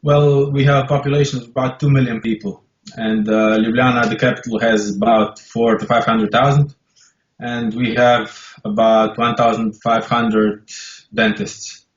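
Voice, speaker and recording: A man in his thirties with a Slovenian accent, a dentist calmly explaining things as an interview guest on a headset. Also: mid-range voice, moderate pace, reverberant, muffled recording. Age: 30s. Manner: calm, matter-of-fact, explaining. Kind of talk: interview answers.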